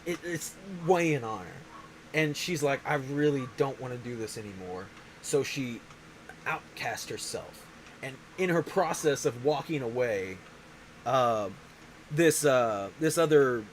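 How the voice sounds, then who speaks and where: A man's voice: a little high, slight background noise, poor audio. Rambling man in a casual chat. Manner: rambling, self-interrupting. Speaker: show host.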